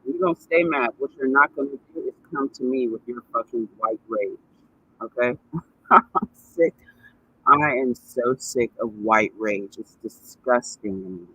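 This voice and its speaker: A man's voice: medium pitch, normal speed, sharp tone, slightly rough, dull audio. A man ranting on a vlog, cursing and repeating himself in indignant bursts. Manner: profane, indignant, repetitive ranting. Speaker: vlogger.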